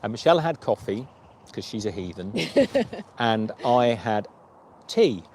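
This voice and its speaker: A man's voice: lowish voice, sing-song, measured pace, darkish tone. A man, a hiking vlogger chatting on a livestream and telling stories with quoted dialogue. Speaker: vlogger and long-distance hiker. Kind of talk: livestream storytelling chat.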